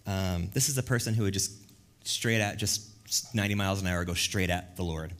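Brief: male pastor, energetic sermon, slangy delivery, big swings between hushed and loud. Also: sits low, fairly quick. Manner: lively, jumps from quiet reflection to loud emphatic bursts; casual slangy preaching.

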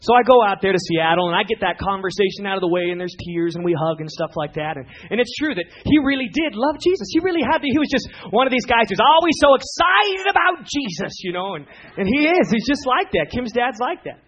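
Male preacher, high husky voice, animated storytelling, dull lo-fi sound. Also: fast. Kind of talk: sermon storytelling. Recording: dull lo-fi recording.

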